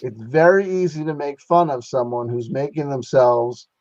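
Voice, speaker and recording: A man's voice: medium pitch, moderate pace, darkish tone, no echo, muffled recording. A man hosting a casual livestream chat, rambling and laughing, with a sentimental sign-off. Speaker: livestream host.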